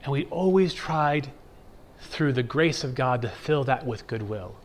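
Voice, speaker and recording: A man teaching a catechism class in a conversational lecture style, animated, often checking in with "right?" and acting out people's reactions. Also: mid-range voice, measured pace, a little hiss or hum. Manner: animated, keeps asking "right?"; acts out everyday reactions in quotes.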